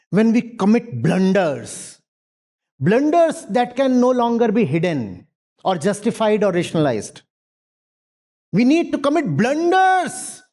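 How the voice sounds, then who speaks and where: In a university lecture hall, a man teaching on spiritual matters lectures and takes audience questions. He has a warm, mellow tone and a lively, animated pitch, and he presses each point with rhetorical questions and repeated phrases.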